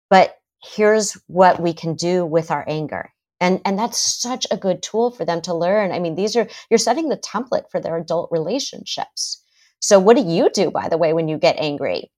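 Lively, animated woman therapist. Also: fairly low pitch, normal speed. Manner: animated, acts out parents and kids in quotes. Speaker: psychotherapist guest. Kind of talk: podcast interview.

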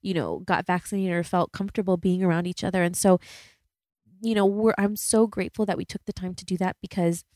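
A woman in her thirties hosts a reflective solo podcast. She is earnest and chatty, with a mellow, slightly low voice. The sound is close and dry. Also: steady tone, a little fast, no echo. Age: 30s. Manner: earnest and chatty, full of "like" and "you know". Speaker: podcast host.

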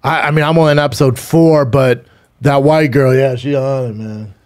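A man's voice: mid-range voice, fairly even intonation, moderate pace, a little mellow. A man co-hosting a podcast, blunt and crude, throwing out strong opinions in casual chat. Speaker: podcast co-host.

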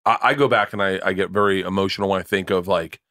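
A man's voice: low-pitched, steady tone, fast talker, fairly bright tone, dry recording, clean studio sound. A man in his forties, a comedian guest, telling rambling stories with stammered restarts and swearing. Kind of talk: casual podcast storytelling.

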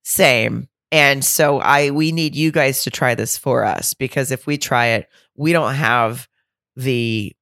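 A woman with a bright, forceful voice, co-hosting a podcast in casual chat. She talks in an animated, playful way, recorded dry and close. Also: extremely low pitch, slow pace, no echo. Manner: chatty, animated and laughing. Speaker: podcast co-host.

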